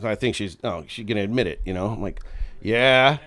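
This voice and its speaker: A man's voice: fairly low pitch, rapid-fire. A man telling a raucous story as a podcast guest, laughing and acting out quotes. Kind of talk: casual chat, telling a story.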